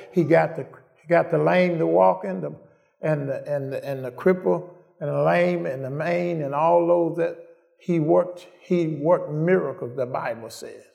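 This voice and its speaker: A man's voice: on the high side, gravelly. A man preaching a sermon in a call-and-response manner, often asking "Am I right?" and repeating his phrases for emphasis.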